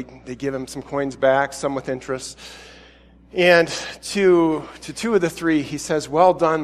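A man's voice: a little high, in a large hall. A man preaching a sermon in a casual, chatty and self-deprecating way.

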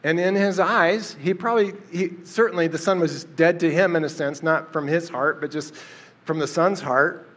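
Man with a slightly high voice teaching. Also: moderate pace, fairly bright tone. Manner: conversational, many fillers and restarts. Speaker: Bible teacher. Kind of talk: casual Bible study talk.

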